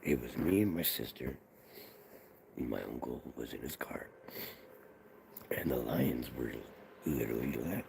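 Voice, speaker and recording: A man from Israel hosting a livestream, telling family stories in a casual, profane, animated way. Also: extremely low pitch, moderate pace, vocal fry, pauses often, noisy background. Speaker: livestream host. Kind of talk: casual storytelling.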